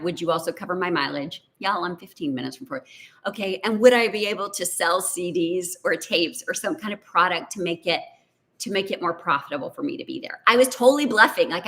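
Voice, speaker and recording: A middle-aged woman, a business coach telling a chatty, animated story to a live online audience. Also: on the low side. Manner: chatty, animated, says "y'all" and "like".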